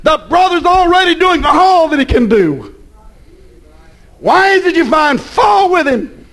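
A man preaching a fiery evening church sermon in a chanted, repetitive way with sudden shouted peaks. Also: very high voice, big pitch swings, measured pace.

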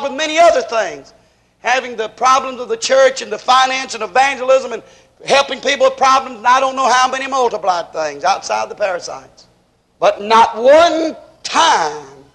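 A man preaching a fiery sermon, swinging from shouts to low asides and drawing out his emphatic phrases. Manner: impassioned, rising to shouts then dropping low.

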